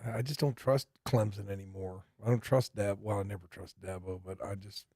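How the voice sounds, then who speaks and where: A man's voice: on the low side, steady tone, moderate pace, a little mellow, breathy edge, no room sound, studio quality. A man on a sports talk panel, teasing and sarcastic with his co-hosts. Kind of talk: casual sports radio banter.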